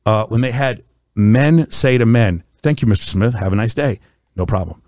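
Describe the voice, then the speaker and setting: A man in casual podcast chat, blunt and profane, telling stories in a rapid rush. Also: medium pitch, darkish tone, no echo.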